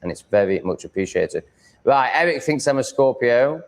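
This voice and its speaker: A man in his thirties hosting a casual livestream, rambling with halting restarts and reacting to chat. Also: medium pitch, lively intonation. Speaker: livestream host reading chat.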